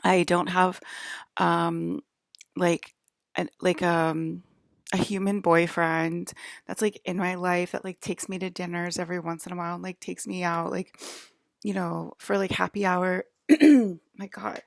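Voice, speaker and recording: A woman's voice: fairly low pitch, steady tone, a little slow, creaky, no room sound. A woman vlogger talking alone in a rambling, sarcastic way, filling her speech with "like". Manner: sarcastic, heavy use of "like". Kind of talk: rambling solo vlog monologue.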